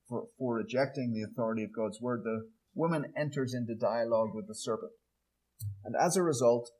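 A man preaching an expository sermon, measured and emphatic, slowing down on key words. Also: medium pitch, slightly rough, rough recording.

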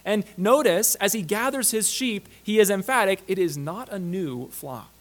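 A man preaches to his congregation in a fairly high voice for a man. His delivery is measured and emphatic, with sudden slowing and quieter endings on the key words. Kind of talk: sermon.

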